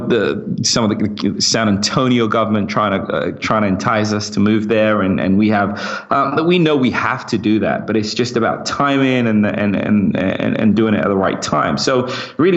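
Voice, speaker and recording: A man's voice: fairly low pitch, muffled recording. Upbeat British man with American twang. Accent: British with slight American twang. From England. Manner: laughing, upbeat, talkative. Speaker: guest, company CEO. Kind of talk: casual interview chat.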